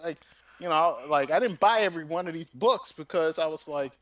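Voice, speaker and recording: A young man hosting his channel, telling a profane, animated story and acting out both sides of an argument. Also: fairly high pitch, brisk, dull audio. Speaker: gaming and art channel host. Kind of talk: casual storytelling rant.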